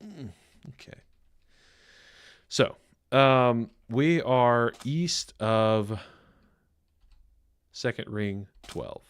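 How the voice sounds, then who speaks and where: A man's voice: mid-range voice, drawn-out words, long pauses, smooth. A man streaming a game live, rambling and thinking aloud with lots of fillers and chatty, self-deprecating asides to viewers. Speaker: gaming streamer. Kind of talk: live gameplay commentary. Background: faint game music.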